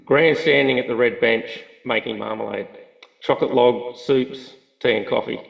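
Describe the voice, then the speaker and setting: Gravelly man reading a eulogy. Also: mid-range voice, fairly even intonation, moderate pace. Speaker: grandchild giving a eulogy. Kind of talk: read eulogy. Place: funeral chapel. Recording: dull, muffled audio.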